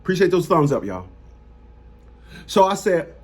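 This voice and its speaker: A man's voice: a little high, very animated, normal speed, slightly rough. A man giving blunt, mocking commentary to his viewers as a family court consultant. He repeats himself and talks casually. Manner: blunt, mocking, repetitive, street talk.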